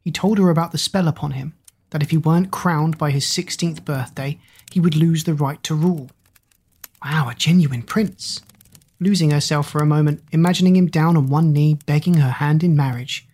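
Low, husky woman narrating. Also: normal speed, mellow. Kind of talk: audiobook narration.

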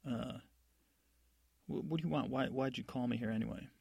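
A stern, stubborn captain of the guard, voiced by a man in a bedtime sleep story. He answers in a gruff, curt, dismissive way. His voice is gravelly and husky, with a dry, close sound. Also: medium pitch, moderate pace, a little mellow, dry recording.

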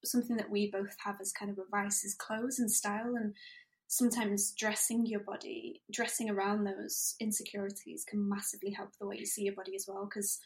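A woman co-hosting a podcast, chatting in a relaxed way with hesitant fillers. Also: mid-range voice, a little fast. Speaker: podcast co-host. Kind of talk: casual chat.

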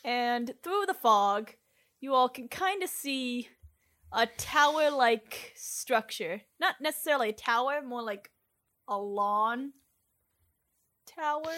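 A slightly high-pitched woman narrating as game master for a tabletop game. She talks loosely and casually, filling pauses with "uh" as she hunts for the right word. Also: expressive, bright, forceful tone. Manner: chatty, loose, searching for words with fillers.

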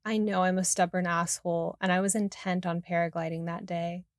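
A woman's voice: on the low side, flat delivery, brisk, dry recording, studio quality, natural voice. A woman voicing a rueful, candid man. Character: remorseful man recovering from head injury.

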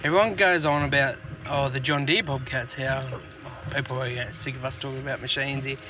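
A man's voice: mid-range voice, steady tone, brisk, background noise. A man co-hosting a podcast, chatting bluntly with some swearing. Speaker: podcast host. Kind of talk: casual chat.

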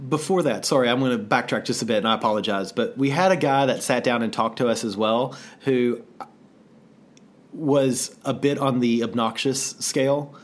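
A man from the United States co-hosting a podcast in casual chat, telling stories with lots of laughter and quick acted-out quotes. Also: medium pitch. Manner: animated storyteller, acts out quotes, laughs often. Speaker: podcast co-host.

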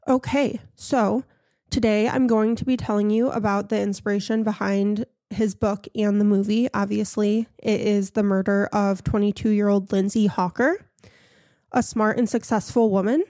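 A woman's voice: medium pitch, dark tone, no room sound, studio quality. A woman hosting a casual podcast, frank and opinionated, telling a story to her co-host.

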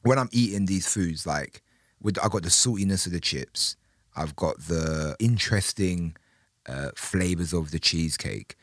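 A young man chatting casually as a guest, animated, laughing often and restarting his sentences. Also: low voice, measured pace, dry recording, clean studio sound. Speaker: podcast guest. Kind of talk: casual chat.

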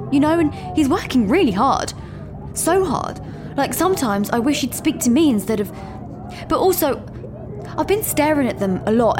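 Dreamy rambling young woman. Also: on the high side. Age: young adult. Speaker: university student leaving a voice note. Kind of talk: comedic voice-note monologue.

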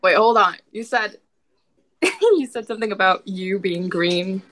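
A woman's voice: medium pitch, animated, measured pace, fairly bright tone, rough recording. Woman, podcast co-host, casual chat, giggly, laughs a lot.

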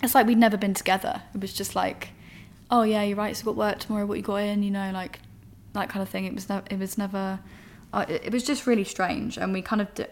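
A woman's voice: mid-range voice, creaky, slight background noise. Frank young Englishwoman telling a story. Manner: emotional, rambling, frank with swearing. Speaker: podcast host. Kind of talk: candid personal storytelling.

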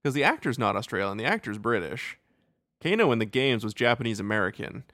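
A man's voice: medium pitch, big pitch swings, fairly quick, a bit bright, no room sound, studio quality. A man co-hosting a podcast, rambling casually about a movie, laughing often and acting out silly quotes. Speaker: podcast co-host. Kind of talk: casual movie review chat.

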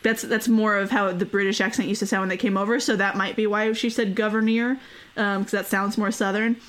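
A woman's voice: mid-range voice, fairly even intonation, a little fast, a bit bright. A woman hosting a casual history podcast. She is chatty, uses many fillers and laughs often. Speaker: podcast host.

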